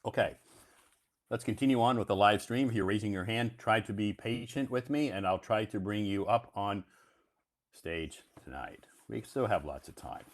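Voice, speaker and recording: A man's voice: lowish voice, moderate pace. A man hosting a live stream, explaining English words in a casual, repetitive, emphatic teacher's way.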